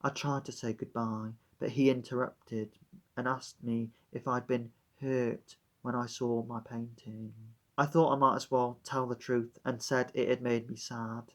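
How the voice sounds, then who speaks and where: A man's voice: mid-range voice, unhurried, natural voice. Fields: man putting on a dull Brummie woman diarist. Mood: deadpan. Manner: flat, monotone reading. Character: dull, flat-voiced woman diarist in her thirties. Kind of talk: reading a novel aloud in a put-on voice.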